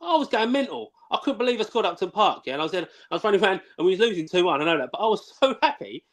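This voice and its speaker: A man, telling blunt, excitable, sweary football stories in a casual live chat. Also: sits high, racing. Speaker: former footballer, guest.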